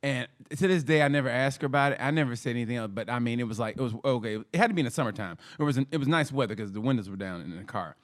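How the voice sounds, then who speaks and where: A man in his fifties, co-hosting a comedy podcast, telling childhood stories in a profane, animated way with sound effects. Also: mid-range voice, racing, hardly any pauses. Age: 50s. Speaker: podcast co-host. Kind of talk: casual comedic storytelling.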